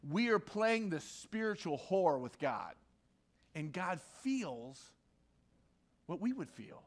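A man's voice: high-pitched, fairly bright tone. A man preaching a conversational sermon to a live congregation, repeating key lines for emphasis and acting out quoted voices. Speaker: pastor. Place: church hall with a live audience.

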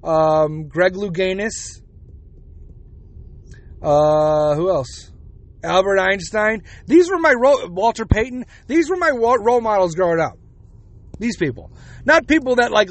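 A man in his forties with a high-pitched voice rants bluntly on his podcast, swearing freely and getting heated about his views. The recording has no echo.

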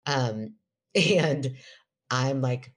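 Very low-voiced woman, animated storyteller. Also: drawn-out words. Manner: animated storyteller, laughs often, quotes herself in a raised voice. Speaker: podcast co-host. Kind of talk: casual chat, storytelling.

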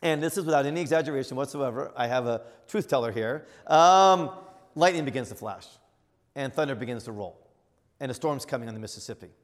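A man's voice: medium pitch, brisk. A middle-aged man preaching as a bishop, telling a funny story with laughter and acted-out voices. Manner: animated, laughing, acts out voices. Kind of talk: storytelling sermon. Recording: reverberant hall.

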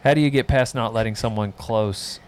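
A man's voice: mid-range voice, fairly quick, a little hiss or hum. A man hosting a casual chat, reading out listener questions and answering with dry, joking bluntness.

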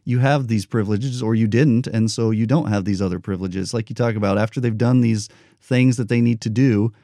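A man hosting a podcast interview, thoughtful and a bit rambling, with soft laughs. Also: lowish voice, a little fast, dry recording, studio quality. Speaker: podcast host.

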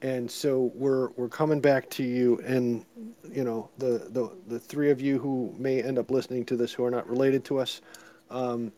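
A man's voice: medium pitch, little pitch movement, normal speed, mellow. A man co-hosting a casual chat podcast, joking and rambling between topics. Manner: jokey, rambling. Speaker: podcast co-host.

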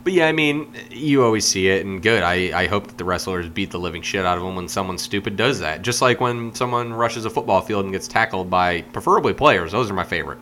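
A man's voice: low voice, lively intonation, fast talker, few pauses, fairly bright tone, a little hiss or hum. A man co-hosting a casual podcast, answering bluntly and mostly chiming in with short agreement. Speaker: podcast co-host.

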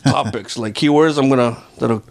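A man's voice: mid-range voice, moderate pace, creaky. A man co-hosting a podcast and doing comedy, chatting in a laid-back way and laughing at himself. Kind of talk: casual podcast banter.

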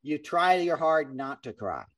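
Blunt, animated man a bit off-mic. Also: a little high, unhurried, distant mic. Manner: blunt, animated, mimics people he talks about. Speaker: podcast host. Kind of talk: casual political chat and storytelling.

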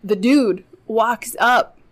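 A woman, a podcast guest, telling a story in casual chat, animated and quick to mimic other people. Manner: animated, shifts into loud high mimicry of others.

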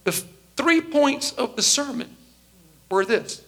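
A pastor, telling a personal story in a sermon and acting out the voices of the people in it. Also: male voice, very high-pitched, lively intonation, measured pace, a bit bright.

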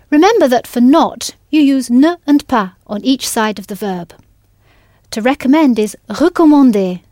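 A woman leads a scripted audio lesson in a patient, encouraging way. Her voice sits a little high and is recorded close and dry, with no room sound. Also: darkish tone, no echo. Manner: patient, encouraging, spells words letter by letter. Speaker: language teacher.

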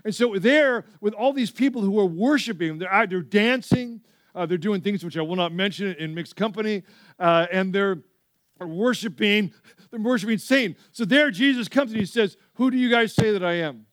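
Man preaching, high voice, dry sound, animated storytelling with asides. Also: moderate pace, no echo. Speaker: pastor. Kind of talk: sermon.

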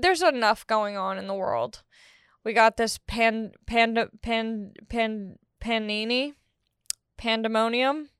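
A woman's voice: on the high side, a bit bright, clean tone, no echo, studio quality. A young woman hosting her own podcast, talking in a rambling, jokey, self-deprecating monologue. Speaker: podcast host. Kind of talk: casual monologue.

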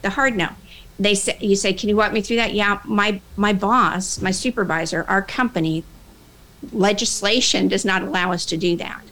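A woman workplace trainer giving a motivational talk, animated, acting out both sides of the conversations she tells. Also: medium pitch, moderate pace, low-quality recording. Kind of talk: motivational talk with acted-out dialogue.

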